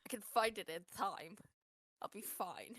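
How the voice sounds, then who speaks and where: A woman's voice: mid-range voice, unhurried, a bit bright, no echo, clean studio sound. A woman playing a huffy little feathered animatronic. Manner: defensive, huffy. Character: small stubborn male feathered animatronic.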